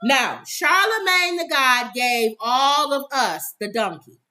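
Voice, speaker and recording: A woman co-hosting a casual talk show, telling a story with animated acted-out quotes and frequent laughs. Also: sits high, slow. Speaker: co-host. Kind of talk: casual commentary chat.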